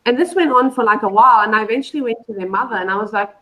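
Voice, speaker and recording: A woman's voice: fairly high pitch, racing, pushed and bright, low-quality recording. Rambling woman telling a story. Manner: rambling, with many fillers and restarts. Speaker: guest. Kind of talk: casual storytelling. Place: live online show.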